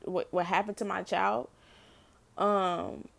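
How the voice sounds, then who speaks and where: A middle-aged woman with a gravelly, fry-laced voice speaks straight to her listeners in an unscripted faith testimony. She is earnest and personal, circling back over her words and restarting phrases as she goes. Her pitch sits in the middle range. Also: steady tone, slow. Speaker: mother sharing a faith message.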